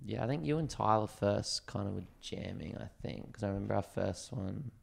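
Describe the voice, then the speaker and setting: A man's voice: fairly low pitch, fairly quick, gravelly. A young man with an Australian accent talks about his band in a chatty, eager way during a casual interview. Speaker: band guitarist.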